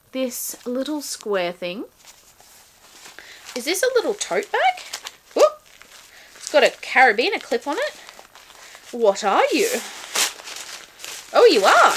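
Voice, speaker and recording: A woman reviewing a subscription book box, excitedly unboxing and gushing over each item in casual chat. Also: high-pitched, slight background noise.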